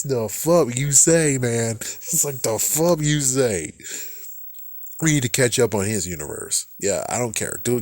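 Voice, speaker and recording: A man's voice: medium pitch, no room sound. Exasperated, swearing man ranting. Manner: profane, exasperated, rambling. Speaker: video commentator. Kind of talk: casual ranting commentary.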